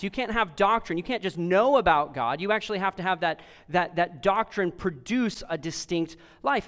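Male pastor with a high voice, preaching with emphasis; long reverb of a big hall. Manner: emphatic, animated preaching with repeated phrases. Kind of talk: sermon.

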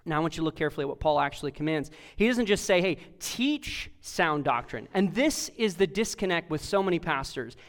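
Male pastor with a high voice, preaching with emphasis; long reverb of a big hall. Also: fast talker, hardly any pauses. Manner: emphatic, animated preaching with repeated phrases. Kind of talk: sermon.

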